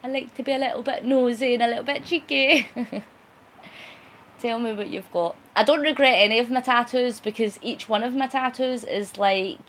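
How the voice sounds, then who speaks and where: A woman's voice: fairly high pitch, normal speed, a bit bright. A woman chatting casually on a live stream, reading out viewer comments in a cheeky, talkative way with frequent laughs. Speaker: vlogger.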